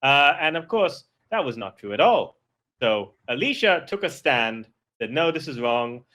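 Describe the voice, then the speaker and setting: A man's voice: a little high, very animated, unhurried, sharp tone. A man narrating a tabletop game as game master, rambling with many fillers and restarts.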